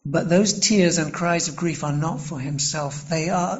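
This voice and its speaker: A male preacher with a slightly high voice delivers a sermon in a measured, earnest way. He pauses often and restarts phrases as he works through the passage. The recording sounds dull and lo-fi.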